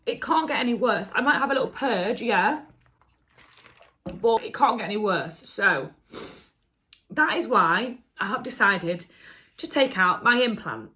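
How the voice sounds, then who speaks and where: A woman's voice: fairly high pitch, bright, forceful tone. A young adult woman, telling a candid story-time vlog in a chatty, emotional way. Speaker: beauty vlogger. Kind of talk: casual confessional story time.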